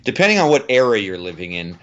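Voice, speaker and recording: A man's voice: fairly low pitch, big pitch swings, fast, a bit bright, dull audio. A man co-hosting a film podcast, chatting casually and rambling with frequent restarts. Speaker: podcast co-host.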